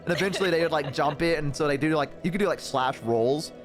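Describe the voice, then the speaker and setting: A man streamer telling a role-play game story in rambling, animated casual chat. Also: fairly high pitch, quick pace, faint music behind. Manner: animated, rambling, full of "like" fillers.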